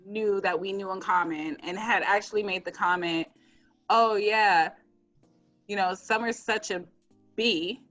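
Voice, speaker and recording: A woman's voice: mid-range voice, fairly bright tone. A young woman co-hosting a casual podcast, talking bluntly and with indignation about a coworker. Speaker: podcast co-host, bartender.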